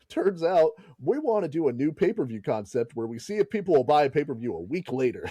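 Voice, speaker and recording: A man's voice: fairly high pitch, very animated, fairly quick, dark tone, breathy edge, no room sound. A man hosting a podcast, casually retelling a story and laughing and swearing as he goes. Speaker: podcast host.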